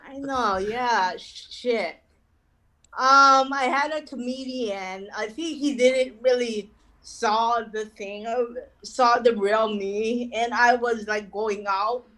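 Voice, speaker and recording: A woman's voice: fairly high pitch, steady tone, slow pace, bright, forceful tone, poor audio. A woman doing an online stand-up set, rambling and swearing, with lots of "you know" fillers. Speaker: stand-up comedian.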